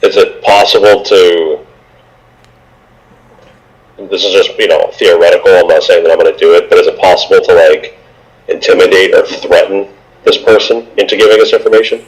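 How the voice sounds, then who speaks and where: Very deep-voiced man playing a tabletop game. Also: steady tone, moderate pace, pauses often, low-quality recording. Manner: casual, rambling with fillers. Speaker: player. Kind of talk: tabletop game recap and play.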